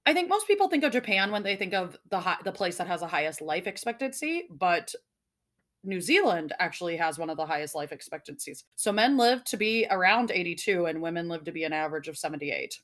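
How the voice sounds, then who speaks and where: A woman's voice: lowish voice, expressive, fairly quick, a bit bright. A woman hosting a podcast, reading out a mystery in a casual, jokey way with frequent laughs and swearing. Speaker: podcast host.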